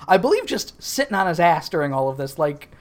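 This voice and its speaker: A woman's voice: on the low side, very animated, a little fast, creaky. A woman co-hosting a podcast, recapping a story in dry, casual and profane chat. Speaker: podcast co-host.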